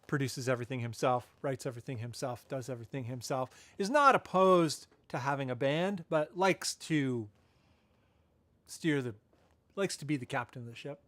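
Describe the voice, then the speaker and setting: A man's voice: medium pitch, animated, moderate pace, a bit bright, no echo. A man hosting a casual live podcast, chatting loosely with lots of fillers and self-corrections. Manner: laughs at his own asides. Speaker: podcast host.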